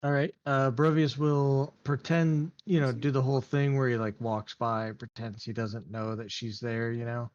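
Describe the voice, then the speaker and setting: A man's voice: medium pitch, little pitch movement, normal speed, hardly any pauses, no room sound. Hesitant male gamer on a dull mic. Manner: hesitant, with many fillers. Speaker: player. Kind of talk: describing his character's actions.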